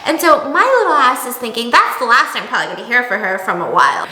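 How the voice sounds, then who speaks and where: Young woman, casual vlog storytelling, bright high voice, echoey room. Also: quick pace, a little hiss or hum. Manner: chatty, animated, laughs while telling stories. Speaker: beauty vlogger.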